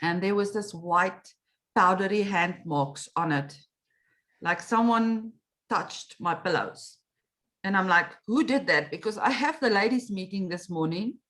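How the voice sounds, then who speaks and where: A middle-aged woman, a meditation coach appearing as an interview guest, tells a story in a medium-pitched, unhurried voice. She gets animated, acting out her own past reactions and quoting what was said.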